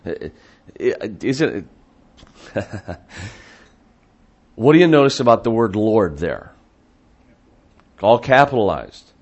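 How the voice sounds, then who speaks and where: Slow, low-voiced man teaching a sermon. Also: sing-song, lo-fi sound. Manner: conversational, with frequent restarts and asides; reads scripture quotes in a raised, emphatic voice. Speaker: pastor or Bible teacher.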